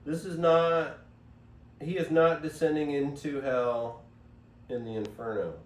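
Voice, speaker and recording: A man's voice: a little high, fairly even intonation, unhurried. A man hosting a casual spiritual monologue, rambling and digressive, recorded on a phone. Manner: rambling, digressive, self-interrupting. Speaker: host. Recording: echoey room, voice from far off, faint hiss.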